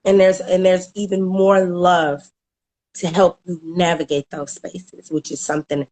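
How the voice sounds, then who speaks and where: Middle-aged woman, heartfelt testimonial, lots of restarts and little laughs, lowish voice. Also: flat delivery, darkish tone. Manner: halting, repeats words, laughs often. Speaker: coaching program client giving a testimonial. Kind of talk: emotional personal testimonial.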